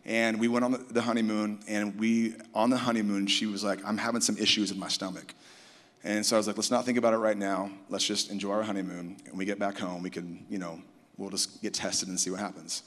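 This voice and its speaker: A man's voice: fairly low pitch, flat delivery, a little fast, a bit bright. A man giving a personal testimony on stage at a conference. He tells it as an earnest story and acts out the people he quotes. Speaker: conference speaker sharing a testimony. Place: large conference hall. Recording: long hall reverb from a live conference.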